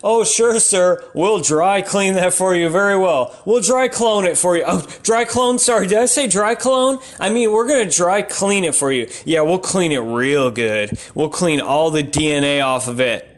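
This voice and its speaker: Smarmy clone shop clerk, male, pitched up, played by a man. Oily customer-service cover-up. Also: moderate pace, hardly any pauses, natural voice. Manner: smarmy, slipping up then covering. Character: sly clone dry cleaner clerk, man.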